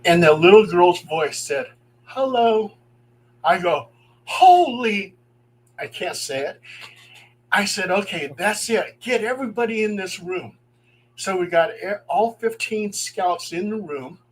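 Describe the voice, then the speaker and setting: A middle-aged man, a paranormal investigator, telling ghost stories in a casual, animated way and acting out the voices in them. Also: sits high, unhurried, husky, poor audio. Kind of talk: casual storytelling on a talk show.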